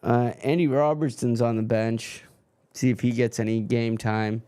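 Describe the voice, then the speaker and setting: A man's voice: medium pitch, fairly even intonation, moderate pace, mellow, clear, resonant tone. A man hosting a live football watchalong stream, swearing and grumbling as his stream keeps freezing.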